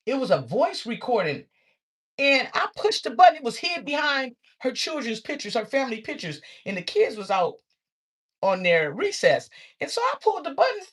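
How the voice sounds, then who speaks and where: A woman talking casually to her viewers, telling stories animatedly and acting out quotes. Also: slightly rough. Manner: animated storytelling, acts out quotes with sudden high squeals. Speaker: social media talker.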